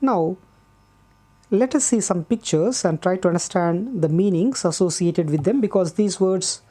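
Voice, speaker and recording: A woman teacher explains a textbook lesson, speaking patiently and deliberately, repeating key words and pausing often. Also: lowish voice, mellow. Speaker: English teacher. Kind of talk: slow classroom explanation.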